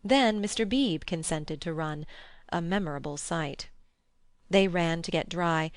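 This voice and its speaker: Woman narrator, measured expressive read, lower voice, dry close mic. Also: clean tone, no echo. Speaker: audiobook narrator. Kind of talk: scripted narration.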